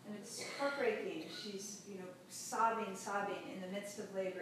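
A woman pastor giving a sermon, telling a story in a slow, measured way with long pauses. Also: medium pitch, steady tone. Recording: very echoey hall, distant mic, faint noise.

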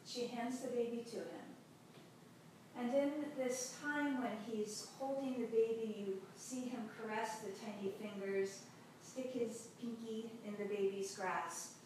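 Woman preaching slowly in an echoey church. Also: on the high side, darkish tone. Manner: slow, measured storytelling with long pauses. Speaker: pastor. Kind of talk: sermon. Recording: very echoey hall, distant mic, faint noise.

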